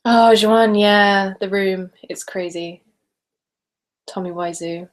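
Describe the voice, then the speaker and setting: An English woman from Essex hosts a relaxed live chat, reading out viewer questions and answering in a chatty, giggly way. Her voice now and then drops into a soft whisper. She sips wine as she goes. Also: mid-range voice, takes it slowly. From Essex, England. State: sipping wine while talking. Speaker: ASMR creator hosting a live hangout.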